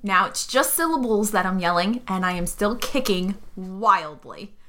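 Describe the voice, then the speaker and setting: A woman playing a tabletop role-playing game, describing her character's actions in an emphatic, animated way. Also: mid-range voice, a little slow. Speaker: player.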